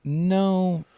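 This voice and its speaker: A man's voice: high-pitched, mellow, dry recording. A man co-hosting a podcast in casual chat, telling stories animatedly, mimicking other people and swearing freely. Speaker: podcast co-host.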